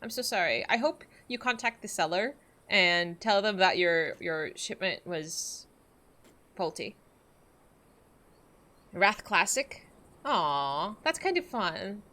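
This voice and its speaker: A woman's voice: medium pitch, animated, slow, pauses often, sharp tone. A woman streaming a game, chatting casually and giggling with her viewers. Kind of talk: casual live-stream chat.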